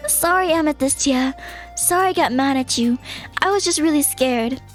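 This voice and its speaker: A woman voices a clingy young man, whiny and pleading as he piles on the guilt. The voice is high and close to her own. Faint background music plays under it. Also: moderate pace, lightly acted. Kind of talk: reading a visual novel aloud.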